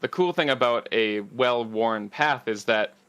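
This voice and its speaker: A man narrating as game master in a tabletop game, halting with frequent fillers. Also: mid-range voice, fairly bright tone, clean tone.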